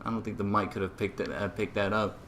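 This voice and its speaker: A man's voice: fairly low pitch, little pitch movement, fast talker, heavy background noise. A man with a Boston accent giving laid-back, self-mocking commentary while playing a video game. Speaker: let's play gamer. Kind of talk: casual gameplay commentary.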